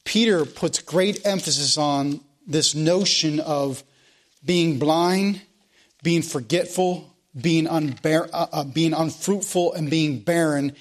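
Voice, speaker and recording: A man with a high-pitched voice preaches a sermon. He puts questions to his listeners and answers them himself. He also reads scripture aloud. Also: slow. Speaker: pastor.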